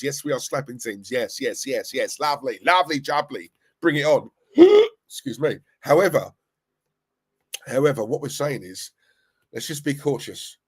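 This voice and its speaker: A young man hosting a live stream, chatting casually, reading viewer comments and reacting with animated, rambling restarts. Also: breathy edge. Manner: animated, rambling, restarts and laughs, pitch jumping when worked up. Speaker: fan channel live-stream host.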